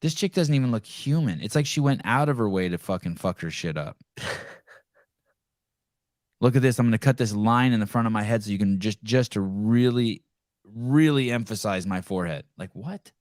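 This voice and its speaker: A man's voice: lowish voice, normal speed, no room sound, clean studio sound. Blunt swearing male podcast host. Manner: blunt, swearing, animated rants. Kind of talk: casual profane commentary.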